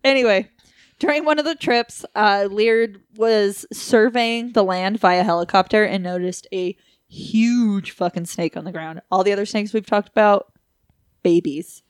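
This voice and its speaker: A woman's voice: mid-range voice, measured pace, smooth, dry recording. Profane joking woman, dry close mic. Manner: irreverent, joking, swears freely. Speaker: podcast co-host. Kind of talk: casual profane chat.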